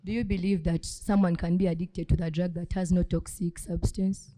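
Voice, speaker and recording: Teen girl debating, soft mellow voice, careful and a bit halting. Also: fairly low pitch, level tone. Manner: measured, with halting restarts. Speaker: school debater for the proposition. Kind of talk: competitive debate speech.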